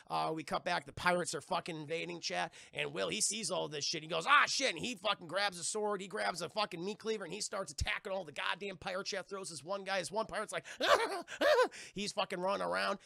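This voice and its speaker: A young man streamer rambles through a movie recap for his chat, swearing freely. His voice sits high and is thick with vocal fry and a bright, tense edge. The sound is dry and close. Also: no echo. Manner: profane, rambling, animated storytelling.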